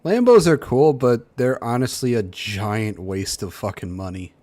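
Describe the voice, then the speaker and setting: A man's voice: medium pitch, a little slow, darkish tone. A man in his thirties making blunt, exasperated side comments during a casual stream. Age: 30s.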